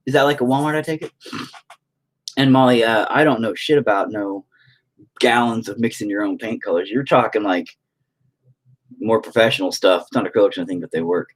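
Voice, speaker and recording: A young American man with a lowish voice hosts a painting livestream, speaking briskly as he rambles, cracks crude jokes, and reads chat aloud while he paints.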